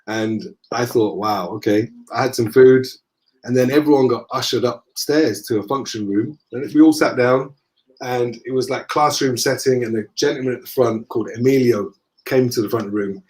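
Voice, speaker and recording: A man with a Northern English accent, a guest in a conversation, telling lively anecdotes and acting out the dialogue. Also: mid-range voice, moderate pace. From northern England. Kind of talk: casual storytelling in conversation.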